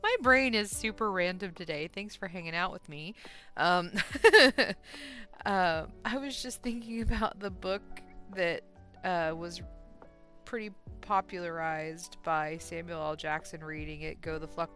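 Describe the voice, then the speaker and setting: A woman's voice: on the low side, a little slow, a bit bright, soft background music. A tired young woman chatting casually on a crochet livestream, rambling, laughing often and trailing off with ums. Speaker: crochet streamer.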